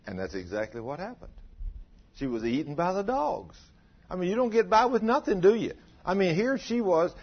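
A man preaching a sermon in a conversational way, often asking his listeners rhetorical questions. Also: breathy edge. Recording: dull muffled low-fidelity sound.

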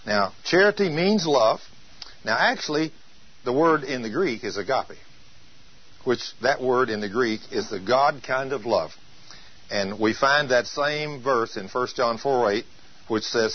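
A male preacher giving an emphatic sermon, drawing out scripture quotes slowly for weight. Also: medium pitch, expressive, breathy edge, lo-fi sound.

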